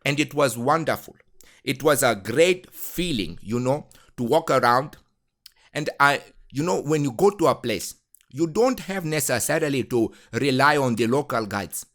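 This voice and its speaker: A man's voice: medium pitch, animated, a bit bright, close to an everyday voice. A man doing a fake-Kenyan-accented Romanian braggart. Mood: earnest rambling. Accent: exaggerated put-on Kenyan English. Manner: rambling, earnest, full of halting fillers. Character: boastful Romanian man faking a Kenyan accent after a trip. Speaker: podcast host. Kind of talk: comedic monologue in character.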